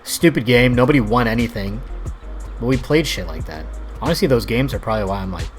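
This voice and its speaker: A man's voice: medium pitch, expressive, fairly quick, faint music behind. A man in his thirties telling rambling, profane childhood stories while playing a game, laughing as he goes. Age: 30s. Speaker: gaming video host. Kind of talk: casual storytelling over gameplay.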